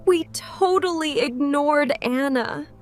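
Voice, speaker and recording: A woman voicing a gentle storybook mom. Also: sits high, slow, faint music behind. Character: caring mother of two young kids. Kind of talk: slow storybook reading.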